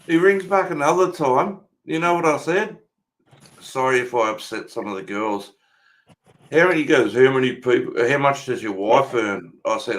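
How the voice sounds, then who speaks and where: A man's voice: mid-range voice, normal speed, fairly bright tone. Blunt, foul-mouthed Australian man. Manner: blunt, swears freely, retells calls in a mocking voice. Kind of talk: casual profane storytelling.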